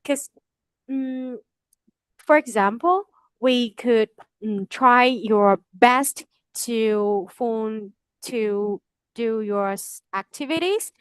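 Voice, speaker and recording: A woman's voice: on the high side, smooth, no echo. A woman, answering a speaking practice question hesitantly over a video call. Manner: hesitant, many fillers and restarts. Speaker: English student.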